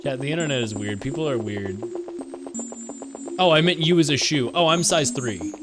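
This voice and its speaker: A man's voice: mid-range voice, expressive, moderate pace. A man streaming a video game, rambling and swearing as he chats with viewers. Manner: rambling, profane, joking with chat. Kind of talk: casual gameplay commentary. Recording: game music loud behind voice. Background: game music.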